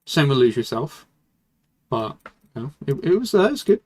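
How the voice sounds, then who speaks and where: A man's voice: medium pitch, very animated, normal speed, darkish tone. A young man streaming casual commentary, rambling loosely with fillers and the odd swear. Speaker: streamer reviewing music. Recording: faint music in background. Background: faint music.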